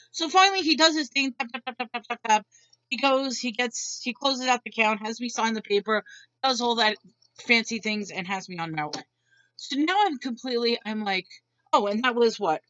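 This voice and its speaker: Exasperated woman ranting, bright and dull. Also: on the high side, no echo. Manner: exasperated, blunt, swears often. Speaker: vlogger. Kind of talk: venting rant to camera.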